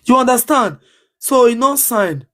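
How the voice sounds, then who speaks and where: A woman's voice: a little high, lively intonation, measured pace, fairly bright tone. A woman with a Nigerian Pidgin English accent ranting on a livestream, emphatic and defiant, repeating her points over and over. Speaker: social media live streamer. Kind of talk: livestream rant.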